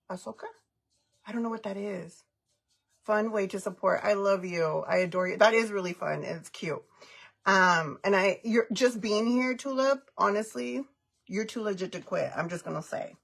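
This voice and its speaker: Middle-aged lady doing her makeup live, chatty and giggly, bit of gravel in her voice, tosses in spanish words. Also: mid-range voice, normal speed. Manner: chatty, giggly, greets viewers by name; mixes Spanish phrases into English. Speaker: livestreaming makeup vlogger. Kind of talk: casual live-stream chat.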